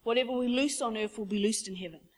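A woman preaches with fervent conviction, her voice sitting a touch high. She tells her story casually and conversationally, like chatting with the congregation. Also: quick pace. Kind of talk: sermon.

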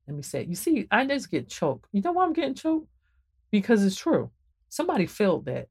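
A woman hosting a spiritual podcast and talking about her book, preaching to listeners in an animated, emphatic way and repeating phrases for emphasis. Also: a little fast, breathy edge. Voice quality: emphatic and animated, swings up and down in pitch. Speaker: podcast host and author.

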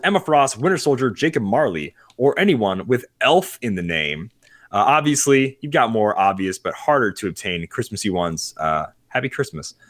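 A man's voice: medium pitch, no echo. A man co-hosting a casual podcast, playful and teasing. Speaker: podcast co-host.

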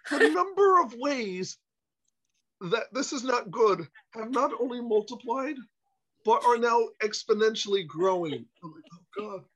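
Man, podcast guest, storytelling, lively swooping voice, stammering restarts, muffled audio. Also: extremely high pitch, a little slow, slightly rough. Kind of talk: storytelling anecdote.

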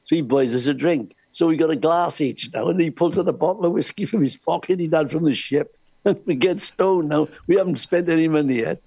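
An older man, a former cruise ship entertainer, telling lively anecdotes with frequent laughs. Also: on the high side, a little fast, husky, no echo. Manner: lively storyteller, laughs often, restarts. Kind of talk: anecdotal chat.

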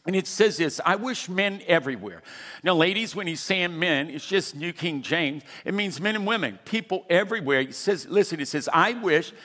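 A man's voice: sits high, animated, normal speed, a bit bright. Emphatic preacher in his sixties. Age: 60s. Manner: emphatic, urging the congregation to respond. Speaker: pastor. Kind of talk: sermon. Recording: long hall reverb.

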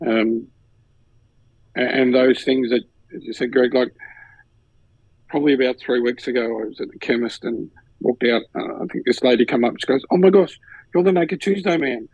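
On a muffled recording with no room sound, an Australian podcast co-host speaks at medium pitch and a normal speed, with long pauses. He shares a personal story in casual conversation, animatedly acting out what other people said.

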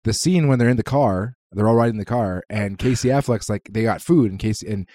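A man's voice: lowish voice, fairly quick, warm tone, no echo, studio quality. A man co-hosting a podcast, animatedly retelling a movie scene with lots of swearing. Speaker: podcast host. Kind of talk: casual chat.

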